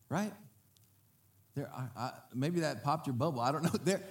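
A man preaching a sermon to his congregation. He speaks in a lively way, asks the crowd to repeat words back to him, and often acts out what other people say. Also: sits high, normal speed. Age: adult parent. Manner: lively, often breaks into acted quotes. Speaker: pastor.

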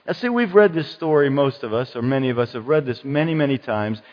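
A man preaching a sermon as pastor, lively and dramatic, acting out the voices of the people in his story. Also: medium pitch, fast talker. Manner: animated, acts out quoted voices. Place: church. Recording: muffled church hall sound with long reverb.

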